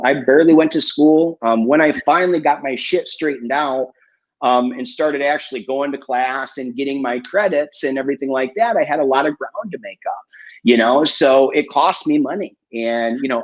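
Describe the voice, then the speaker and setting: A man's voice: mid-range voice, normal speed. Candid, profane man telling his story. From Michigan, USA. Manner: candid and profane, with many fillers. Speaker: guest coach. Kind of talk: casual storytelling in a live interview. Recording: dull lo-fi online stream.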